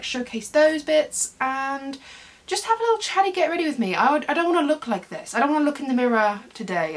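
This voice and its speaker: A young woman, chatting in a rambling, self-deprecating way as she does her makeup for a get-ready-with-me video at home. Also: fairly high pitch. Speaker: beauty vlogger. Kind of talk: casual get-ready-with-me chat.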